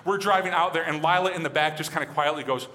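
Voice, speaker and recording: A man from Michigan who preaches as a pastor, animated and acting out quotes in his sermon. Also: on the high side, fast, big-room sound, background noise. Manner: animated, acts out quotes and voices.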